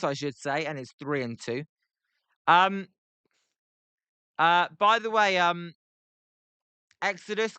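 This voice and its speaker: A man's voice: a little high, bright, forceful tone, smooth, no room sound. A British man doing live baseball play-by-play for a stream, chatting with viewers, full of filler ums and self-deprecating asides. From Britain.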